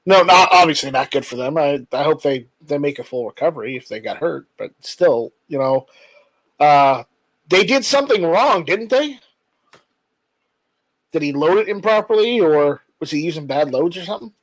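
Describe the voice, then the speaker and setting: A man's voice: a little high, lively intonation, moderate pace, dry recording, poor audio. A man co-hosting a casual talk show, affirming others and musing aloud. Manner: affirming, musing, many "right"s. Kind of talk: casual chat.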